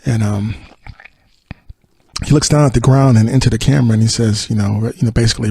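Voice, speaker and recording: A man's voice: mid-range voice, steady tone, fast talker, gravelly, long pauses, warm tone, husky, no echo. A male podcast host casually retelling a TV episode, rambling with many fillers and acted-out quotes.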